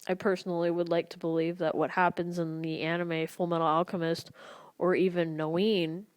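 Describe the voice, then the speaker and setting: A young woman speaking in a personal confessional vlog, halting and emotional, recorded close in a dry room. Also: on the low side, flat delivery, clean tone, no room sound. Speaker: vlogger.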